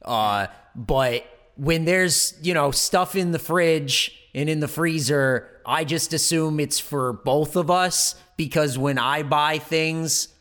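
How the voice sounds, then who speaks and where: A man playing Jason Voorhees as a slow, rambling, goofy roommate in an improvised courtroom sketch. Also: a little high, a bit bright. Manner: rambling, goofy, self-justifying. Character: Jason Voorhees, dim-witted immortal slasher roommate.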